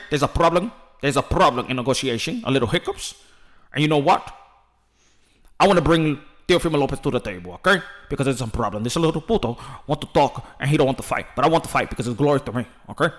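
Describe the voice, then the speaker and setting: A man's voice: mid-range voice, lively intonation, fast talker, a bit bright, natural voice. A man putting on a cocky boxer haggling over a fight deal, boastful and tacking "okay" onto nearly every line. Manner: boastful, repeats "okay" constantly.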